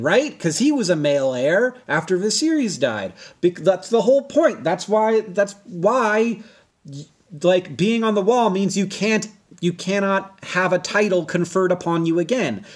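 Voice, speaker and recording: A man in his thirties talks straight to camera in a fairly high voice that leaps up sharply whenever he gets emphatic. He rambles, corrects himself mid-sentence and piles on asides in a loose, casual explainer style. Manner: animated, rambling, self-correcting, pitch jumps up when emphatic. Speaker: video host.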